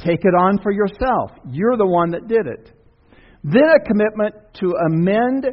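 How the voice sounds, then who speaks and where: A man's voice: sits high, lively intonation, normal speed. A man preaching a sermon as pastor, folksy and conversational, with asides and questions to the congregation. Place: church sanctuary. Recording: dull sound with long church reverb.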